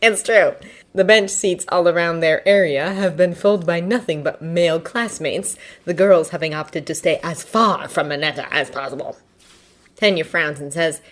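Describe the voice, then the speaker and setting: A woman narrating a fanfiction audiobook with an expressive, lively reading. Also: lowish voice, normal speed. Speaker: fanfiction reader.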